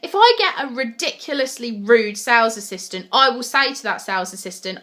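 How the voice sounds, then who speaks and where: Young woman, casual vlog, bright tone, blunt, swears freely, close camera mic. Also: a little high, expressive. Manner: blunt, swears freely, retells exchanges in quick bursts. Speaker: vlogger.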